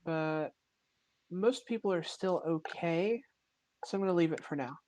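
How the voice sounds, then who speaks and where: A woman playing a tabletop game, explaining her options and the rules in a measured way. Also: on the low side, dark tone, slight background noise. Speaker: player.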